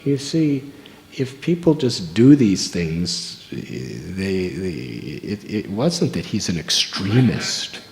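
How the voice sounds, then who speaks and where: A monk giving a religious discourse, an American man in his 60s, speaks in a low, darkish voice with big pitch swings. He tells stories slowly and earnestly, with long pauses.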